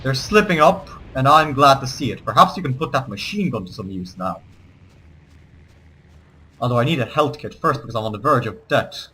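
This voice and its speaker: A man's voice: medium pitch, lively intonation, moderate pace, bright, forceful tone, a little hiss or hum. A man giving gameplay commentary, switching between theatrical rallying speeches and swearing asides. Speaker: let's play gamer.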